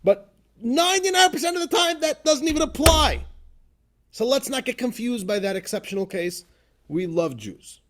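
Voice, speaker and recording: Male rabbi, lecturer; lively classroom delivery, somewhat high voice, restarts phrases, loud emphatic bursts. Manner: rises to loud emphatic bursts when quoting, laughs often; repeats words and restarts phrases while thinking. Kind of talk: animated Torah class lecture.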